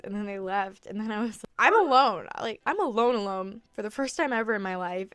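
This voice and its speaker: A woman's voice: medium pitch, smooth, no room sound. Chatty young woman vlogger, dry sound. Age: early 20s. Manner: chatty, heavy on "like" fillers, swears casually; emotional, close to tears at times. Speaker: travel vlogger. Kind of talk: casual confessional storytelling.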